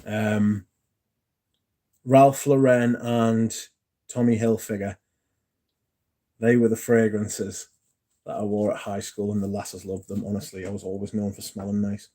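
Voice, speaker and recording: A man's voice: fairly low pitch, little pitch movement, unhurried, pauses often, warm tone. A man, chatting casually and rambling on a livestream, answering viewers and swearing now and then. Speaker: livestream host. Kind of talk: casual chat.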